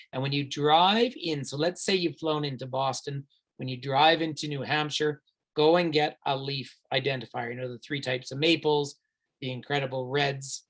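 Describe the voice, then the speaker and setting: A man who guides tours, answering viewer questions live in a chatty, rambling way with many fillers and restarts. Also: on the high side. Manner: enthusiastic, recommends warmly. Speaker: tour guide hosting a virtual tour.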